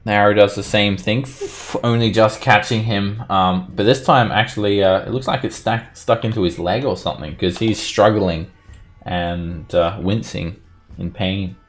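A man's voice: on the low side, moderate pace, soft background music. A man running a tabletop game as game master, narrating casually with chuckles and fillers.

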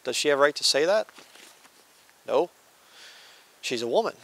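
A man's voice: fairly high pitch, lively intonation, moderate pace, gravelly, a bit bright. A man giving a conversational Bible teaching, reading scripture and acting out quoted voices. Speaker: preacher. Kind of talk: sermon-style Bible teaching.

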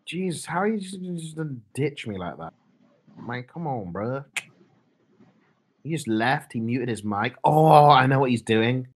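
A man's voice: mid-range voice, animated, unhurried. A young man streaming, chatting casually and reading his chat aloud in a laid-back, mumbling way.

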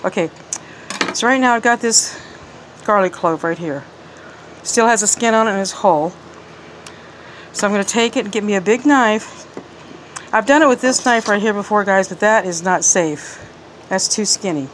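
In a chatty home cooking vlog, a woman films her kitchen projects one-handed on a handheld phone, a little out of breath as she works. Her mid-range voice moves at a moderate pace with frequent pauses, and the rough recording carries a slight hiss or hum.

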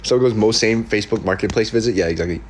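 A young man talks fast in a fairly low voice while hosting a casual livestream, with slight background noise behind him. His rambling stories are full of fillers and restarts, and he acts out quoted people in mock voices.

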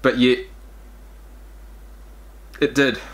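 Young male reaction host, mid-pitched, casual and choked up, chats directly to viewers. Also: level tone, extremely slow, fairly bright tone. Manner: emotional, rambling, talks straight to viewers.

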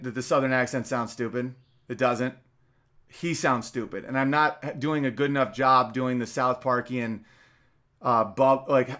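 A man's voice: mid-range voice, pushed and bright. A man hosting a podcast, delivering a casual comedic monologue in a rambling, profane, emphatic way.

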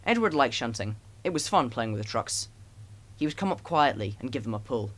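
A man narrating a children's storybook as an audiobook, in an even, gentle storytelling manner. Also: mid-range voice, brisk. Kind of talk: storybook reading.

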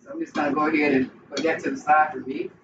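A man's voice: fairly high pitch, quick pace. Gushing man in an echoey kitchen. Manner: gushing, exclamatory, keeps saying how excited he is. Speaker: home cook channel host. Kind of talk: casual cooking vlog. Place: home kitchen. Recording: echoey kitchen, distant, dull and noisy.

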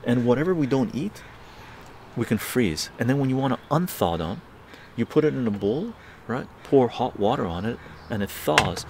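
A Canadian man hosts a casual live stream from an outdoor patio garden, speaking at normal speed with a mid-range voice and lively intonation. He rambles and keeps tagging his sentences with "right?". The background is noisy.

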